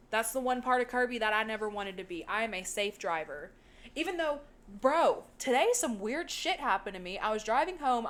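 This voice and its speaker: A young American woman co-hosting a podcast, talking through a movie recap in loose, chatty fashion. Her pitch sits in an ordinary middle range, and she laughs and curses freely as she goes. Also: a bit bright. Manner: chatty, laughs often, swears casually. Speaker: podcast co-host. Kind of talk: casual chat recapping a movie.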